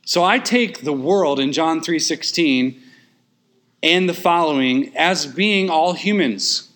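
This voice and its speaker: A man preaching an expository sermon, emphatic and repeating key phrases, with quick asides and sudden pushes of emphasis. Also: fairly high pitch, animated, a bit bright.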